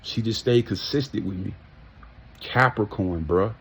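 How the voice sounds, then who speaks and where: A man's voice: on the low side, a little slow, a bit bright, breathy edge. A man telling a casual, heartfelt story, emphatic and full of street slang and profanity. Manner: heartfelt and reminiscing. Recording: muffled lo-fi audio.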